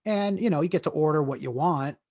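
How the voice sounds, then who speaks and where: His voice is fairly high and darkish in tone, running a little fast, as this podcast host tells a crude, joking story in a loose, restart-heavy ramble. He's seated with his leg aching throughout this casual storytelling monologue. The audio is studio quality with no echo.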